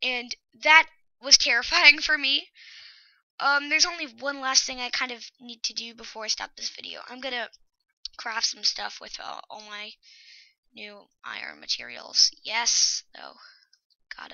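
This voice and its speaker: Excitable woman with a bright, keen voice. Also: on the high side, unhurried, dry recording, dull audio. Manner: excitable and anxious, often drops to a whisper. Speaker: let's play host. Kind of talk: gameplay commentary.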